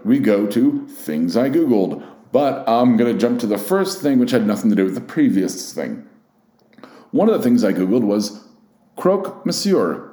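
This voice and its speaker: This young podcast host has a mid-range, dark-toned voice. Alone on the mic, he rambles casually, makes fun of himself, and swears a lot, and the recording carries a roomy echo.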